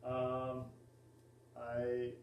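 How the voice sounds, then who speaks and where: A man, a volleyball coach, giving a class presentation in a halting way with many fillers and restarts. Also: medium pitch, completely flat delivery, lo-fi sound, slight background noise. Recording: echoey room, mic at a distance.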